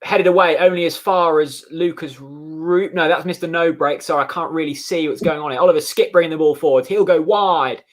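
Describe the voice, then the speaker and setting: A man co-hosting a football watchalong, calling the play as it happens in a chatty, animated way. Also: on the high side, brisk, few pauses. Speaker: fan watchalong co-host. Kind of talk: live football commentary chat.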